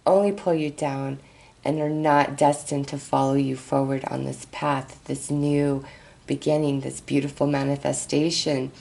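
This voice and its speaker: A woman's voice: low voice, creaky, darkish tone. A woman giving an encouraging tarot reading, speaking directly and soothingly to her viewers. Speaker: tarot reader.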